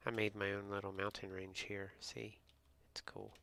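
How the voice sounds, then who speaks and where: A man's voice: lowish voice, level tone, normal speed, vocal fry, pushed and bright. A man from the United States, a streamer rambling in casual chat and answering his viewers. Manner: rambling, chatty storytelling, reads and answers chat.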